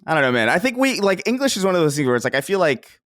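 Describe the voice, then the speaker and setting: A man's voice: fairly high pitch, very animated, very fast, fairly bright tone, dry recording, studio quality. A man co-hosting a podcast, talking in a laid-back, teasing way. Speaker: podcast co-host. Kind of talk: casual podcast chat.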